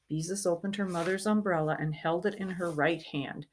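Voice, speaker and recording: A woman reading a children's chapter book aloud, with a gentle manner and lively character voices. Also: lowish voice, moderate pace, slight background noise. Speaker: reader. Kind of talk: storybook read-aloud.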